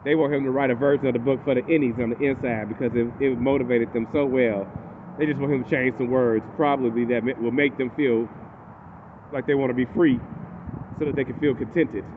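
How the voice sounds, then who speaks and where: A man's voice: mid-range voice, fairly quick, noisy background. A man animatedly recapping a TV episode in casual speech, acting out the characters as he goes. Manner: animated, acts out characters in quotes. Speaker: TV recap host. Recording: tinny phone-like audio.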